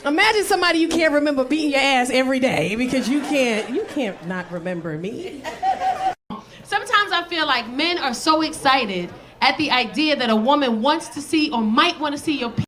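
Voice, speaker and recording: A woman in her forties doing a stand-up set, telling stories in a brash, profane, animated way into a handheld stage mic. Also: high-pitched, a little fast, crowd noise. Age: 40s. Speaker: stand-up comedian.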